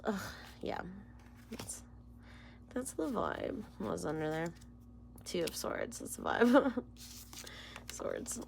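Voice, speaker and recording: A woman's voice: medium pitch, very animated, slow pace, vocal fry, pauses often, slight background noise. A woman doing a casual tarot reading to camera, emotional and close to tears, rambling and dropping into whispers. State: near tears. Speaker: tarot reader.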